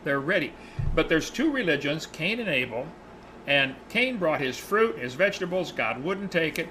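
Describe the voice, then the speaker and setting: Bright-voiced man teaching a Bible lesson. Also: a little high, normal speed, slight background noise, rough recording. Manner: animated, acts out the characters' lines in his retelling.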